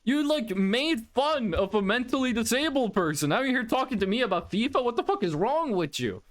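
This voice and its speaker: An angry young man fires off swearing, indignant questions, as a male storyteller acts him out. The voice sits high and swings widely. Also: sing-song, slow pace, fairly bright tone, exaggerated voice.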